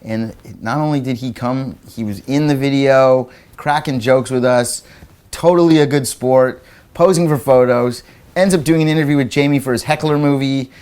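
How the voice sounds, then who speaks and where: A man's voice: mid-range voice, normal speed, darkish tone, clear, resonant tone. Rambling man telling a story. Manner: rambling, filler-heavy, laughs while telling; acts out quotes in raised voices. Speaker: interviewee. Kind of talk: anecdotal storytelling.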